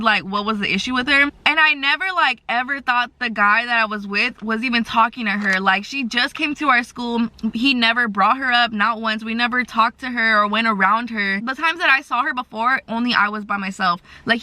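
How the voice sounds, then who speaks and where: A young woman telling a casual storytime vlog in a chatty, animated way, full of filler words. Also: on the high side. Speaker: vlogger.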